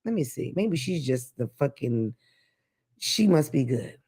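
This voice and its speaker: A woman's voice: a bass voice, unhurried, slightly rough. A woman hosting her own talk show, ranting casually with blunt, profane commentary. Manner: blunt, profane, animated rants. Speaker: podcast host.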